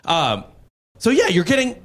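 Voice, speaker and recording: Guy with a kinda high voice telling a story, swearing, doing voices for people. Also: wildly swooping pitch, moderate pace, fairly bright tone. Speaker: podcast co-host. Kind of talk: casual storytelling banter.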